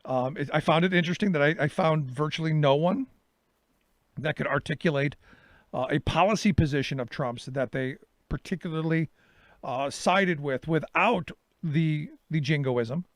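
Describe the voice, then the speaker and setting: Animated man telling a story, dry sound. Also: fairly high pitch, normal speed, no echo. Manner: animated storytelling, reenacts his own exchanges. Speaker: talk show host. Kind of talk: casual monologue.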